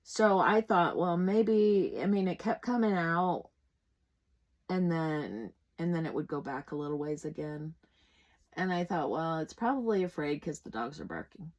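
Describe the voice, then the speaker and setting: A woman's voice: low-pitched, expressive, measured pace, rough recording. A middle-aged woman from the Midwestern United States chatting casually while she works on a craft kit, telling a story in a rambling way with many fillers and restarts. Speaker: crafting vlogger. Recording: noticeable background noise.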